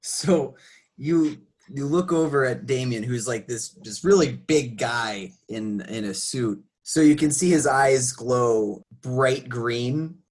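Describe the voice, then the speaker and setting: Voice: mid-range voice, takes it slowly, a little mellow. A player in a tabletop role-playing game, talking casually and describing a scene. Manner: laughing, casual player talk.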